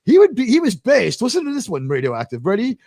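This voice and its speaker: American man, talk show host, high voice, rambling stories, dry close sound. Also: fast talker, no room sound. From United States. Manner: rambling, animated storytelling with frequent fillers. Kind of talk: casual live talk show chat.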